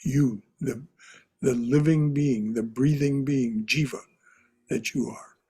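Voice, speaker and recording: A man teaching a spiritual class in a slow, reflective way, often repeating his phrases softly. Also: medium pitch, fairly even intonation, husky. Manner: repeats phrases, soft and contemplative.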